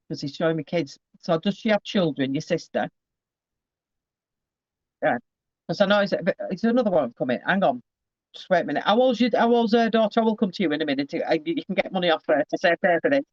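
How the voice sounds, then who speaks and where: A man's voice: on the high side, lively intonation, quick pace, no room sound, dull audio. A man giving a casual psychic reading over a video call, rambling and often breaking off with asides.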